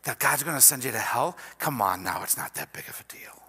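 A preacher voicing a sly, coaxing serpent that tempts in a low, hushed, whispery tone. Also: male voice, lively intonation, fairly quick, slightly rough, in a large hall, full character voice.

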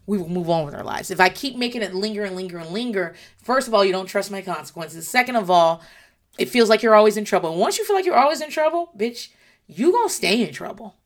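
A woman's voice: mid-range voice, expressive, fast talker. Blunt, profane mother talking parenting. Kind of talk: casual parenting talk.

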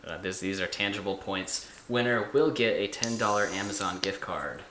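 A man's voice: low-pitched, normal speed, a bit bright, roomy sound, a little hiss or hum. A young man hosting a casual podcast, chatty and rambling, joking with his guests. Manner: chatty, rambling, laughs at himself. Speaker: podcast host.

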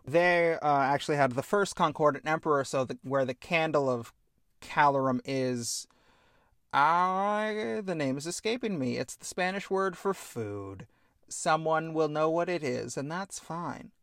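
A man's voice: fairly high pitch, expressive, measured pace, a bit bright, no echo, studio quality. A man hosting a podcast, explaining at length in a casual, enthusiastic way and often correcting himself mid-sentence. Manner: rambling, enthusiastic, self-correcting. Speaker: podcast host.

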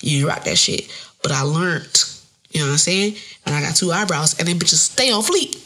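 A woman's voice: low voice, expressive, normal speed, sharp tone. A woman in her thirties hosting her own podcast. She talks solo in a rambling, joking, profane way. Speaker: podcast host. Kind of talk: casual solo podcast monologue.

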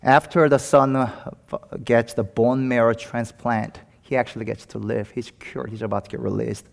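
Male pastor, sermon, impassioned, emphatic, mid pitch, long hall echo. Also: level tone, moderate pace, gravelly. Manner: impassioned, rising to emphatic peaks.

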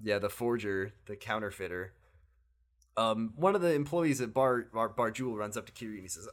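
A man's voice: on the low side, brisk. A man chatting casually on a podcast, recapping a video game, laughing often and acting out the characters' lines. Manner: animated, laughs often, acts out quotes. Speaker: podcast co-host.

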